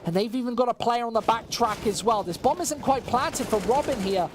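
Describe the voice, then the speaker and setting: A caster giving live play-by-play commentary on a match, rising in bursts of excitement over the big plays. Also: mid-range voice, a little fast, background noise. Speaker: esports caster.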